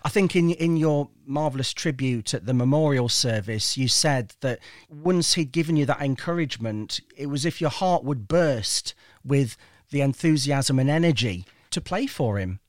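A man interviewing a guest, asking measured, prepared questions. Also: medium pitch, animated, no echo, studio quality.

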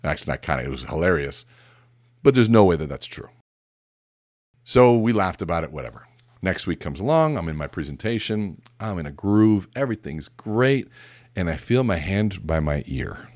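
A man's voice: sits low, very animated, moderate pace, darkish tone, dry recording, clean studio sound. A middle-aged man giving a conversational motivational talk on leadership, direct and emphatic, with casual asides and stories. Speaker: business speaker on leadership. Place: seated indoors.

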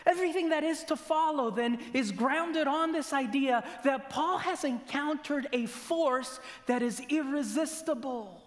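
Man preaching slowly with dramatic whispers. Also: very high-pitched. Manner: dramatic swings from loud emphasis to near-whispers; slow, deliberate delivery with rhetorical questions. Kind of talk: sermon. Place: church sanctuary. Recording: long church reverb.

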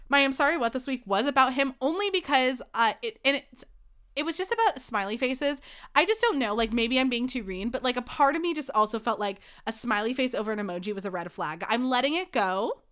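Chatting alone on her podcast, this young host has a clean, fairly bright tone and a voice that sits on the high side. Her talk is rambling and flustered, full of "like."

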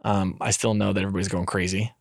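A young adult man chatting casually as a podcast co-host, rambling with lots of fillers and lively asides. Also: sits low, very fast, creaky, no room sound, clean studio sound. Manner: rambling, animated, with frequent fillers. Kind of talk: casual chat.

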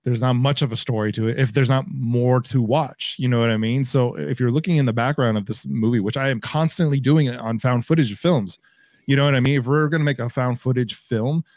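Male podcast co-host, animated casual talk acting out reactions, mid-pitched, dry sound. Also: brisk, no room sound. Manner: animated, acts out reactions in quotes. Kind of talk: casual chat. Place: home, remote recording.

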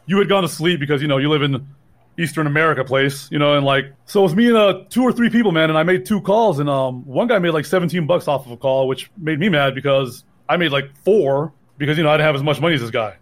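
A man's voice: a little high, quick pace. A sleep-deprived man co-hosting a podcast in casual chat, rambling and mocking himself with frequent laughs. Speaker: podcast co-host.

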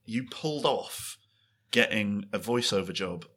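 A man from northern England hosts a casual podcast chat upstairs in a small cafe. His voice sits low but cuts through brightly, with a husky edge, and he keeps swearing and slipping into mock voices for a laugh. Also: lively intonation, a little slow. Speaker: podcast host.

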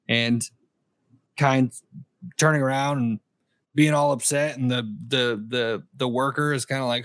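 A man's voice: mid-range voice, steady tone, measured pace, fairly bright tone, dry recording. Man reacting in a dry-sounding room. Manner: reactive, enthusiastic, brief affirmations. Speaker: book podcast co-host. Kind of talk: casual book discussion.

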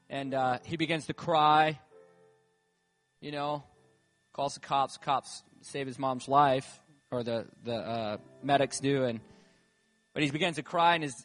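A man, a church leader, telling a story in a sermon, casual and rambling with lots of fillers. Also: medium pitch. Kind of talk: sermon testimony. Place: church hall. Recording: reverberant hall with music behind.

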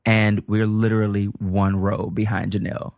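Excitable man telling a story, dry sound. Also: fairly low pitch, moderate pace, no echo. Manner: animated, rambling, excitable. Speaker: podcast guest, comedian. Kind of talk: casual storytelling chat.

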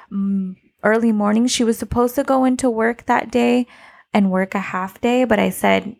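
A young woman casually telling a personal story, animated and laughing often, acting out what people said. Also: mid-range voice, vocal fry. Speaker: podcast co-host telling her birth story.

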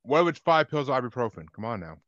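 A man's voice: mid-range voice, big pitch swings, fast talker, fairly bright tone, no room sound. A man hosting a podcast, chatting casually about albums with lots of detail and swearing. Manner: chatty, profane, detail-heavy music talk. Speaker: podcast host. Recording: dull lo-fi sound.

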